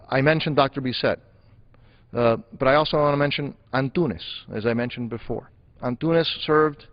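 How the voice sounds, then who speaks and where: A man's voice: medium pitch, dull audio. Emphatic man giving a floor speech. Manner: emphatic, repeats phrases for stress. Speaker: member of Congress. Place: legislative chamber.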